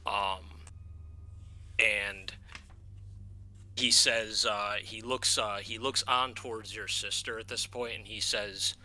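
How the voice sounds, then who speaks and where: A man narrating a tabletop game as game master, halting with many fillers. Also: lowish voice, fairly even intonation, bright, forceful tone.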